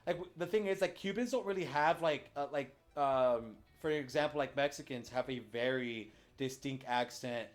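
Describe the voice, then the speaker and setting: A man's voice: medium pitch, normal speed, few pauses. A young man from the United States hosting a podcast, chatting casually in a rambling way with lots of fillers. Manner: rambling, many fillers and restarts. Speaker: podcast host. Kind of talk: casual chat.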